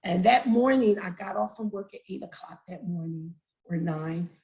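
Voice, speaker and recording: A middle-aged woman whose son is incarcerated tells her story as an interview guest, animatedly retelling events and acting out the dialogue with feeling. Her voice is on the low side at normal speed, and the recording is low quality.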